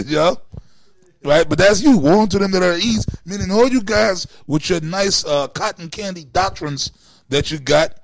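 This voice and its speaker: High, gravelly man, animated and joking. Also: normal speed, rough recording. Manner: animated, joking, mocking imitations. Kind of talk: casual scripture discussion.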